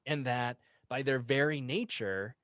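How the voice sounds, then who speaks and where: An animated man in the role of a friar and guest author, speaking in a mid-pitched voice. He explains quickly and laughs easily. The recording is dry and close. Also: dry recording. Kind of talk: casual chat.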